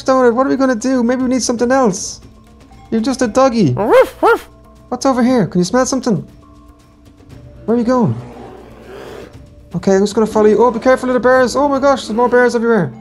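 An eager game role-player, talking fast and urgently and repeating phrases while cheering a companion on. Mid-pitched voice over faint background music. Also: a little mellow. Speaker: role-play player and narrator. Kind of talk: excited game role-play.

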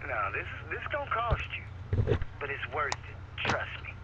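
A man's voice: on the high side, wildly swooping pitch, normal speed, muffled recording, heavy background noise. An actor playing a sly male street informant who sells tips in a video game. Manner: sly, wheedling street talk.

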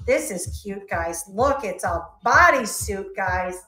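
A woman's voice: medium pitch, lively intonation, takes it slowly, sharp tone, faint music behind. A woman hosting a live online clothing sale, chatting casually and calling out item sizes, often laughing. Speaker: live-stream seller host.

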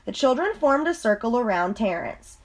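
A woman reading a children's storybook aloud in a slow, clear storytelling manner. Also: fairly high pitch, big pitch swings. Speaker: reader.

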